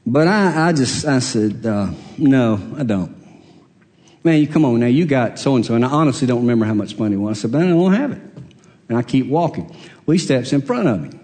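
A man's voice: medium pitch, very animated, fairly quick, a little mellow, big-room sound. A man, a pastor from Alabama telling a personal story in a chatty, self-deprecating way, chuckling as he goes. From Alabama, USA. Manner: folksy, self-deprecating, laughs while telling stories. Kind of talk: conversational storytelling sermon.

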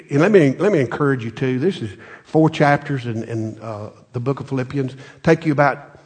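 A man preaching a folksy sermon, telling stories with many restarts and building to loud, emphatic peaks. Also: medium pitch. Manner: folksy storytelling, repeats words, rises to loud emphatic peaks.

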